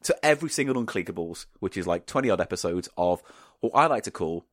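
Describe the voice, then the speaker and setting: A man talks quickly in a loose, jokey podcast chat, and his pitch jumps around a lot. He swears freely. The sound is dry and close, with no room sound. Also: animated, no echo. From United Kingdom. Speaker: podcast co-host. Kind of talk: casual chat.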